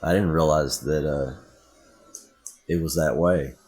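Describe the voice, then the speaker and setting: A rumbling low voice with a breathy edge comes from a middle-aged Southern US man co-hosting a podcast at a measured pace. He chats casually, telling lively, wandering stories studded with asides.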